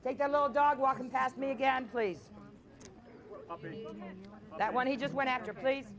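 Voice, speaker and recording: A woman's voice: sits high, fairly even intonation, moderate pace, fairly bright tone. A woman dog trainer running a hands-on session in an outdoor field, firm and no-nonsense with owners and coaxing with the dog.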